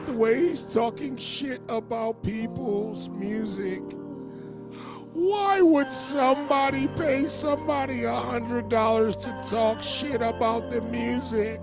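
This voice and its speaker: A man putting on a mocking falsetto voice as a whiny, complaining woman, drawing out the words. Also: steady tone, over music, full character voice. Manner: drawn-out, squeaky falsetto delivery.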